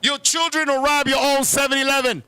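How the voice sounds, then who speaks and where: A man hosting a comedy show, ranting loudly and brashly, swearing freely and sometimes breaking into chants. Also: extremely high pitch, flat delivery, a little fast, no room sound. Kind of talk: comic rant.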